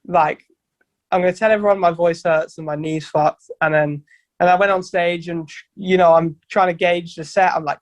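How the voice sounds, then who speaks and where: A man's voice: high voice, fairly even intonation, moderate pace, dry recording. A young man, a band's singer, chatting casually on a podcast with loose, rambling sentences and frequent swearing. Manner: rambling, swears freely, many restarts. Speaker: band vocalist guest.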